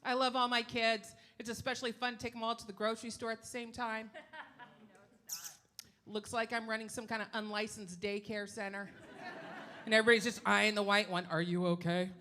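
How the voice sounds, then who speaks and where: A middle-aged woman from Yakima does a brash, salty stand-up set, her voice bright and fairly high. The live crowd and a light hiss sit faintly behind her. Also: little pitch movement, a little fast. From Yakima, Washington. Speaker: stand-up comedian. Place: live comedy stage before an audience.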